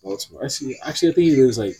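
A man's voice: medium pitch, lively intonation, rapid-fire, dark tone, breathy edge. A young man co-hosting a podcast, chatting casually and telling rambling, laid-back stories. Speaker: podcast co-host. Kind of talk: casual chat.

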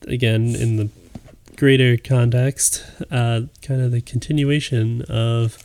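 Gravelly-voiced woman co-hosting a podcast. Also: extremely low pitch, steady tone, takes it slowly, dark tone. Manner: easygoing, encouraging, steers the conversation. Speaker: podcast co-host. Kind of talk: casual chat.

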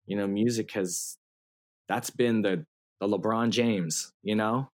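A man's voice: fairly low pitch, fairly even intonation, slow pace. A man in his thirties telling his story as a guest in a casual interview, laughing often and using slang and fillers. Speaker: guest musician.

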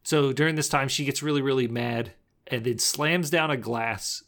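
A man's voice: mid-range voice, fairly bright tone. A man co-hosting a podcast, casually recapping a movie scene by scene, laughing often and briefly acting out the characters' lines. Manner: laughs often, recounts scenes with quick impressions. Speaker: podcast co-host.

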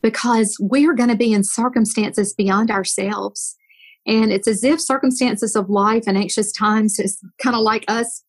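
An older woman giving an earnest Christian devotional talk, telling a story and often dropping her voice to a soft whisper at the end of a line. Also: on the high side, breathy edge. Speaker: guest speaker.

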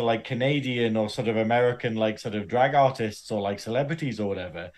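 A man co-hosting a podcast in casual chat, laughing often and swearing freely. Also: mid-range voice. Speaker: podcast co-host.

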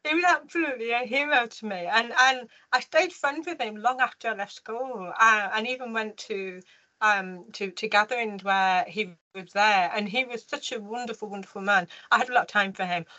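This UK woman's voice sits on the high side at a normal speed. As an interview guest she narrates her life with liveliness, plenty of fillers and restarts, and the audio sounds dull.

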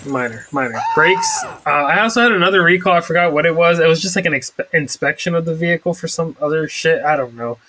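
A man's voice: fairly high pitch, quick pace, few pauses, noisy background. A young man co-hosting a podcast, chatting casually with rambling, sarcastic asides. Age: young adult. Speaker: podcast co-host. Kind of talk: casual chat.

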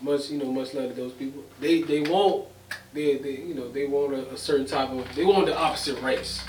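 A man's voice: medium pitch, steady tone, a little fast, darkish tone, distant mic. A man co-hosting a casual podcast chat, laid-back, chiming in with short replies and reading out news items. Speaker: co-host. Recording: echoey room, voice off-mic, faint noise.

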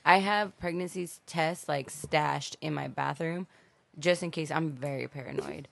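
Gravelly-voiced woman in her twenties, candid. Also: deep voice, a little slow, fairly bright tone. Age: 20s. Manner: candid, swears freely, acts out quotes. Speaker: podcast guest. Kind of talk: casual chat.

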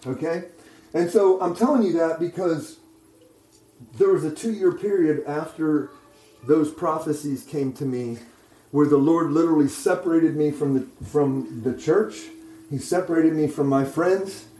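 A male preacher recounts a testimony in a sermon, his fairly high voice warm and mellow, his pace a little slow. The room echoes, and he keeps asking "okay?" and "right?" as he gets louder and more excited while retelling.

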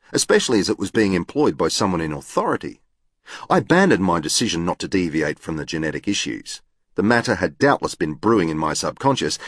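A deep-voiced man narrates a scripted audiobook in a formal, exact and literal manner, his delivery rising and falling lively. The sound is close and dry, with no room sound at all.

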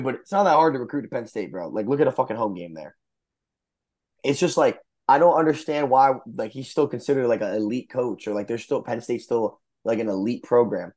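A man's voice: mid-range voice, darkish tone. A young man co-hosting a casual sports podcast, exasperated and profane as he rants. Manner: exasperated, profane, quick ranting. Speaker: podcast co-host.

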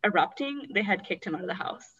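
A woman's voice: medium pitch, animated, fast talker, fairly bright tone, breathy edge, far from the mic, lo-fi sound. A woman candidly recounting a painful personal story in a rambling, emotional way. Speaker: guest sharing her story.

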